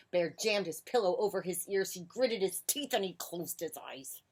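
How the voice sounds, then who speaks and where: A woman reading a children's picture book aloud on a porch, animated and playful. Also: fairly low pitch, a little slow, hardly any pauses. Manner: animated, playful, drops to a hush for quiet moments. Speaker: children's story reader. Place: outdoor porch.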